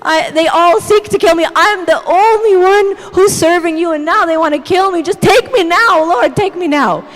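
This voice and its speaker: A woman's voice: very high-pitched, normal speed, hardly any pauses, pitched above the performer's own voice. A woman voicing a melodramatic, self-pitying male prophet who wails and pleads theatrically. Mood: despairing. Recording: echoey church hall.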